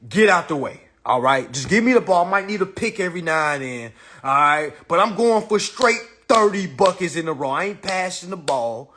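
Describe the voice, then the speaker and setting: A man's voice: sits high, lively intonation, moderate pace, few pauses, sharp tone. A man hosting a casual phone livestream, talking in a boastful, repetitive, profane way. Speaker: livestream host.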